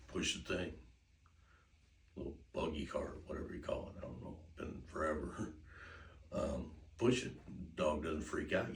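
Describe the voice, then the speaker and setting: A man's voice: extremely low pitch, expressive, a little slow, pauses often, a little hiss or hum. A man giving casual, folksy, rambling dog-training advice, chuckling often. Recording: roomy, distant mic, faint ambience.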